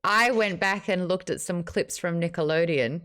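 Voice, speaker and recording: An Australian woman in her thirties hosting a live-streamed book club chat, joking and talking fast. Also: on the low side, clear, resonant tone. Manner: lively, fast-running, joking. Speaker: host.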